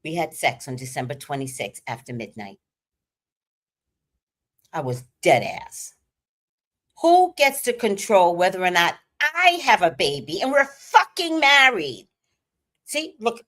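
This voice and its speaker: A woman host telling a candid personal story on a livestream, animated and profane, swinging between loud emphasis and hushed asides. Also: on the low side, unhurried, long pauses.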